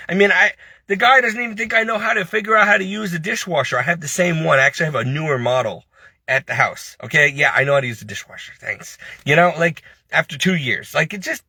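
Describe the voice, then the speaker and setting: A man's voice: on the high side, pushed and bright, dry recording. A man venting in a heated, preachy monologue, scolding and then complaining with frustration. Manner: frustrated, self-pitying. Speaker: lay preacher.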